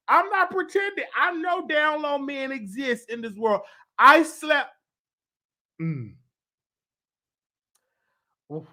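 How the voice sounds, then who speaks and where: Southern male show host, bright and animated, playful casual commentary. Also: a little high. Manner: animated, playful, laughing asides.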